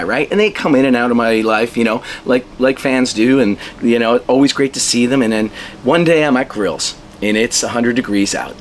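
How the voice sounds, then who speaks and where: A man who is a local musician, telling a casual anecdote in an animated way and acting out the dialogue. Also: mid-range voice, slight background noise. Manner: animated storyteller, acts out dialogue, chuckles while telling. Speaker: local musician being interviewed.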